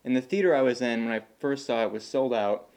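Male co-host for a loose film podcast, mid pitch, hesitant and agreeable. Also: fast, a little mellow. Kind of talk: casual film discussion.

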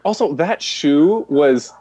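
A man's voice: on the high side, expressive, slow pace, mellow, breathy edge, dull audio. A man co-hosting a podcast, chatting casually about a movie, with a sarcastic edge and lots of "like" fillers. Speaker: podcast co-host. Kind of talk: casual movie review chat.

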